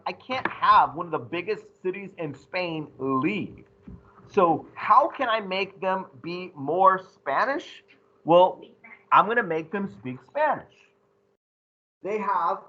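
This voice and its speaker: A male teacher giving an animated, joking classroom lecture to his students. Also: high voice, a little slow, dull audio.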